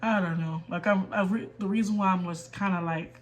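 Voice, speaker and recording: A woman's voice: medium pitch, fairly even intonation, brisk. Young woman in a candid vlog rant. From United States. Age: 20s. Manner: quiet and restrained, holding back tears, then firm and emphatic. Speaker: vlogger. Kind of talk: candid personal rant to camera.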